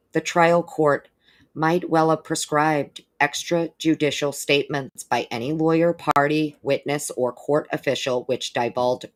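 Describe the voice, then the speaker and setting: A woman hosting a live stream, reading court documents aloud and breaking off now and then for wry casual remarks. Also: extremely low pitch. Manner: reads legal text steadily, breaking off for wry remarks.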